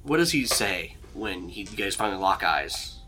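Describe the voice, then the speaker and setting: A man's voice: deep voice, very animated, normal speed, bright, forceful tone, a little hiss or hum. A man narrating a tabletop game as game master, rambling and laughing with casual swearing.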